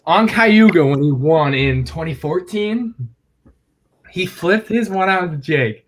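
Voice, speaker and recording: Excitable man with a higher voice. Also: slow pace. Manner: excitable, animated storyteller. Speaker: guest angler. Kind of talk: casual podcast chat.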